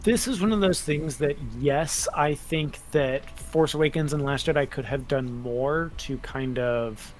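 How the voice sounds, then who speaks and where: A man co-hosting a podcast, telling his views in an animated, chatty way during a casual fan chat. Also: fairly high pitch, unhurried, few pauses, faint music behind. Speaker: podcast co-host.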